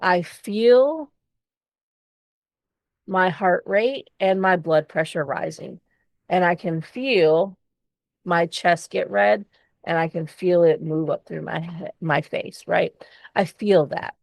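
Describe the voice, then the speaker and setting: A woman's voice: on the low side, slow pace, vocal fry, pauses often, no room sound. A woman co-hosting a podcast, talking candidly and expressively in casual chat, swearing freely. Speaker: podcast co-host.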